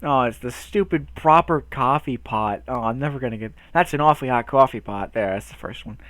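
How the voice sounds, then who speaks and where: A man's voice: mid-range voice, fairly quick, fairly bright tone, no room sound. A man hosting a casual vlog, playfully trying tongue twisters, stumbling, swearing and laughing at himself. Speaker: channel host.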